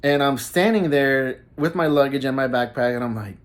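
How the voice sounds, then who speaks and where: Young man, casual vlog storyteller, halting and repetitive delivery. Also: mid-range voice. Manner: halting, repeats words often, laughs mid-sentence. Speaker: vlogger.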